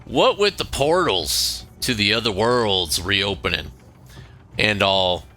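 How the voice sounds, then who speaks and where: A man reading aloud the lines of a folksy old male village sheriff, slow and halting. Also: on the low side, bright, forceful tone, clean tone, exaggerated voice. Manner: slow, halting read-aloud of game dialogue.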